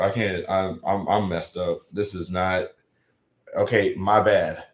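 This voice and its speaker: A man with a lowish voice talks casually on a live stream, rambling and poking fun at himself. The sound is roomy and echoey. He reads viewer comments aloud. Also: fairly even intonation, slow. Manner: rambling and self-mocking. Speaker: live streamer reading chat. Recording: echoey room.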